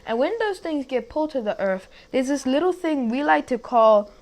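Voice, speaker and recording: A woman's voice: sits high, expressive, moderate pace, background noise. A young woman telling a story about her school days in a casual, rambling way, with many restarts and asides.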